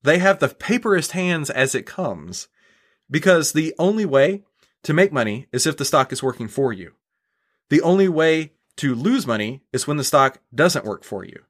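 Interviewed as a guest on a podcast, a stock trader explains his approach at a moderate pace, his voice a little high. He keeps it relaxed and conversational, often restarting words and asking "right?".

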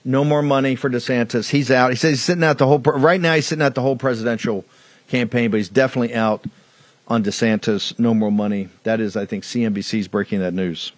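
A man's voice: mid-range voice, steady tone, fast, no room sound. A man hosting a political talk show, delivering a combative, mocking monologue with lots of repetition.

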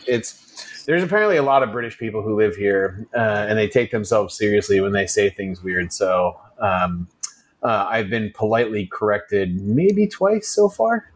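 A man's voice: on the low side, animated, moderate pace. An American man co-hosting a casual podcast, rambling and joking at his own expense with lots of fillers. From United States. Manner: rambling and self-mocking, many fillers. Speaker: podcast co-host. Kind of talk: casual chat. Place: traveling, recording remotely.

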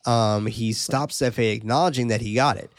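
Man, casual podcast host, plot recap, mid-pitched voice, dry close sound. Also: moderate pace, no echo. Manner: laid-back, laughs at his own asides, reads plot summary aloud.

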